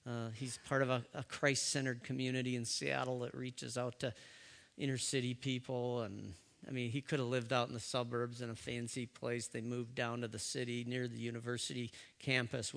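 A man telling a personal story, speaking haltingly with fillers and restarts. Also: mid-range voice, flat delivery, creaky, a bit bright. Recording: long hall reverb.

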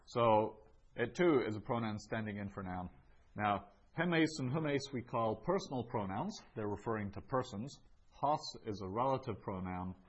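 A man's voice: on the low side, animated, normal speed, husky, highs cut off. A man teaching a language lesson, patiently repeating each phrase and explaining it step by step. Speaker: Greek teacher. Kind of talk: classroom lesson.

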